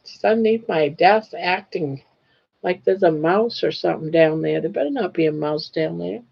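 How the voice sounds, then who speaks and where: A woman's voice: lowish voice, normal speed, creaky, slightly rough, dull audio. An older woman hosting a casual home livestream, chatting with viewers and cooing at her pets. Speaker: livestream host. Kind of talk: casual chat while crocheting on a livestream.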